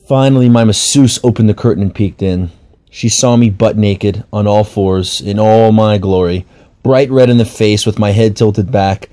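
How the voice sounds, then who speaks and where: A man's voice: lowish voice, dark tone. A man narrating a comic personal story in a wry, self-mocking way.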